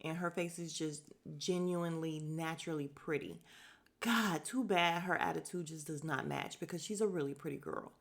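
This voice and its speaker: Podcast host, woman, slightly low voice, casual and blunt, swears freely, jumps into quick impressions of the cast. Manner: acts out cast members' lines in quick asides. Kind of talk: casual reality-show recap.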